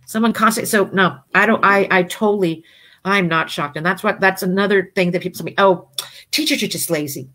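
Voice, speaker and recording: A middle-aged woman educator speaking as an interview guest, animated and often acting out the voices of people she quotes. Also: medium pitch, quick pace. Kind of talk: conversational interview.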